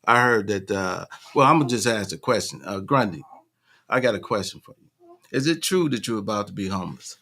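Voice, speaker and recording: A man's voice: fairly low pitch, expressive, brisk, creaky, bright, forceful tone. A man co-hosting a talk show in a laid-back, rambling way, often restarting his sentences. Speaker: co-host. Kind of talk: casual talk show chat.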